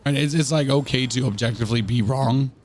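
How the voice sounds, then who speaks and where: A man with a hoarse, sick voice doing live gameplay commentary as a streamer, rambling, joking and chatting to viewers with stammered restarts. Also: medium pitch, a little fast, darkish tone, a little hiss or hum. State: hoarse from illness.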